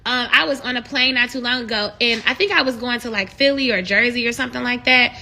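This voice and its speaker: High, bright preachy woman. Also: fast talker. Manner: animated, preachy, swells into excited shouts. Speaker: live streamer encouraging viewers. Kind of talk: casual live-stream talk with preaching.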